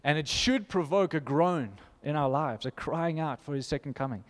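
A man preaching a sermon to his church, impassioned, swinging from loud to hushed. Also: fairly high pitch, normal speed. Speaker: pastor. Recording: long hall reverb.

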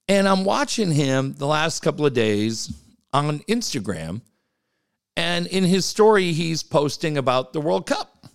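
A middle-aged man co-hosting a podcast, telling stories in casual chat, animated and profane, often laughing as he talks. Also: a little high, unhurried, creaky, clean tone. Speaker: podcast co-host.

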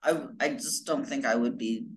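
A woman's voice: rumbling low, moderate pace, poor audio. A woman co-hosting a podcast in casual chat, hesitant and often trailing off. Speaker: podcast co-host.

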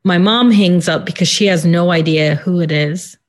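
A woman in an interview who gives a personal account in a halting, subdued way, with many pauses and fillers. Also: lowish voice. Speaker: interview guest.

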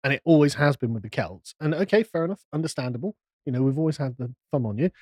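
A male podcast host with a slightly higher voice who reads documents aloud and breaks off into sarcastic asides. His pitch swings widely as he talks. The sound is close and dry. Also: expressive, quick pace, darkish tone, dry recording. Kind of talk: casual political discussion podcast.

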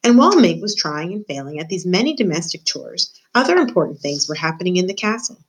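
Teacher reading a chapter book aloud to her class, a woman with a lowish voice, expressive delivery. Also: quick pace, husky, rough recording. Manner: expressive, addresses the reader. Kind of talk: read-aloud storytelling.

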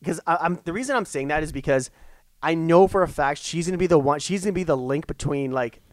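Fast-talking man rambling eagerly. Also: a little high, no echo. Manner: rambling, many restarts, eager. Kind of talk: casual chat.

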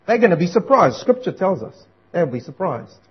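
A man delivers an earnest, urgent sermon, repeating his key lines for weight. His voice sits high and a little husky. The recording is dull and lo-fi. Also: very animated, a little fast. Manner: earnest, urgent preaching with emphatic repetition. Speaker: preacher.

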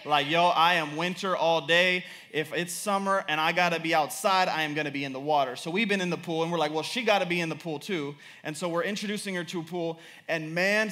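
Young guy preaching, high bright voice, animated and repeats himself a lot. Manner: animated, repetitive, quick to laugh and rise in pitch. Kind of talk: sermon.

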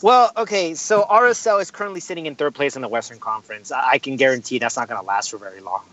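A man hosting a casual sports podcast, animated and quick to laugh, stressing words by repeating them. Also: medium pitch, no echo, poor audio. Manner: animated, laughing, repetitive emphasis. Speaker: podcast host.

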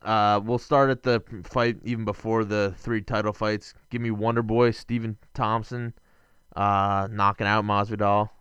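A young male podcast co-host talking fights with rambling enthusiasm, often stopping to correct himself. His voice is rich and smooth, slightly lower than most. The sound is dry, with almost no room in it. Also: level tone, measured pace, a bit bright, no room sound, muffled recording. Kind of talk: casual sports chat.

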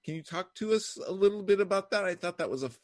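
A man hosting an interview, asking questions in a lively, encouraging way. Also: high-pitched, quick pace, no room sound, studio quality. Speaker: interview host.

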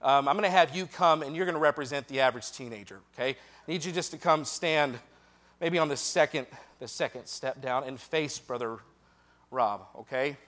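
A man preaching a sermon to a youth group, lively and jokey with quick asides, speaking straight to the young listeners. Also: mid-range voice. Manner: directly addresses young listeners.

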